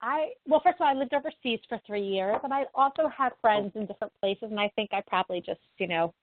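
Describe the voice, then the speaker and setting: A woman from New Jersey with no regional accent, a career services professional answering interview questions in a calm, practical way. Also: a little high, fast talker, slight background noise. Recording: tinny phone line, dry.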